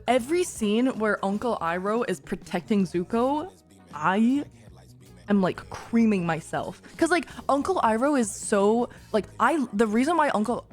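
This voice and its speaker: A woman streamer chats casually in a mid-pitched voice, gushing and giggling as she reacts to a show. She is excitable and swears freely. Soft music plays faintly underneath.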